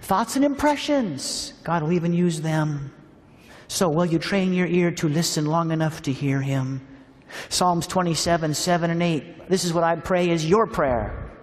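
A man's voice: on the high side, normal speed. Man preaching a story in a reverberant hall. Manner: animated storytelling that acts out dialogue. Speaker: seminar preacher. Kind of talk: storytelling sermon.

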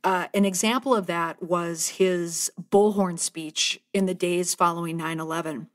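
Woman, podcast host, conversational, heartfelt, slightly low voice. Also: steady tone, unhurried. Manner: heartfelt, conversational, choking up at times. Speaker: podcast host and communications speaker. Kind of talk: solo podcast commentary.

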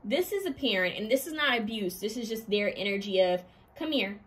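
A woman's voice: medium pitch, a little fast. A woman giving a pick-a-card tarot reading in a chatty, intuitive way, often saying what she is hearing. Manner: lively, acts out quoted voices.

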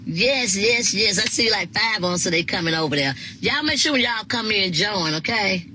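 Recorded on a phone against background noise, a woman with a mid-range, expressive voice hosts a live stream at a normal pace. She reads viewers' comments aloud, laughs a lot and answers them back in a relaxed, chatty way.

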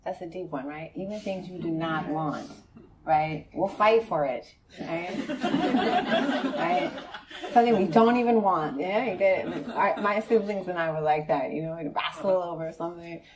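A woman's voice: unhurried, over a noisy crowd. A woman meditation teacher giving a conversational dharma talk to a live group, laughing often and checking in with her listeners. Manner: conversational, laughing often, frequent "right?" to the audience; animated storytelling, voicing friends in a high excited tone.

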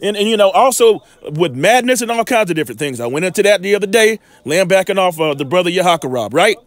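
Quick and animated, a male Bible teacher works through scripture informally and emphatically, breaking off his reading again and again to check that people follow. His high voice ranges widely in pitch, and the recording is dry, without room echo.

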